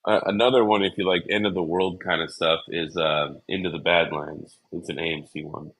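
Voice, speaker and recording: A relaxed man chatting casually, pausing often with fillers. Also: low voice. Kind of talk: casual chat.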